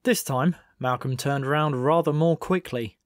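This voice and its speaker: A man reading a comic novel aloud as audiobook narrator, in a measured, dry storytelling manner. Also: medium pitch, dry recording. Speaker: audiobook reader. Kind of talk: scripted narration.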